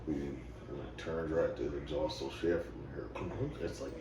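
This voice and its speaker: A man telling profane, animated stories in a casual chat among friends. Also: a bass voice, normal speed, background noise. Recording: echoey room, far from mic, crowd behind.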